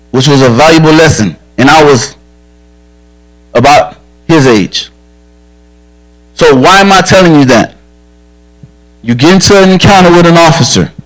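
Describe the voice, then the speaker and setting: A police officer speaking plainly and earnestly to a group of young campers, mixing blunt advice with stories from his own life. His voice sits a little higher than most men's. He talks directly and frankly, driving each point home. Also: rough recording. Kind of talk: safety talk to children at a church camp.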